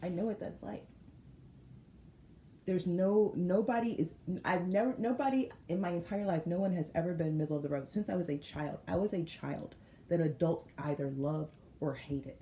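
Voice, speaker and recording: A woman giving a casual tarot reading to her viewers, animated and slangy, laughing often and talking emphatically. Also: sits low, reverberant, a little hiss or hum. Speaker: tarot reader.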